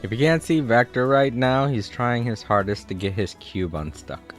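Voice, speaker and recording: A man streaming a video game, chatting casually with relaxed, rambling asides. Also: mid-range voice, normal speed, faint music behind. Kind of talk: casual gameplay commentary.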